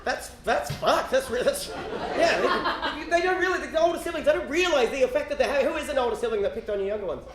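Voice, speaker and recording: An Australian man doing live stand-up comedy, profane and incredulous, often shouting to the audience. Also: very high-pitched, fast. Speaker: stand-up storyteller. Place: stage before a live audience. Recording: roomy live venue, loud crowd noise.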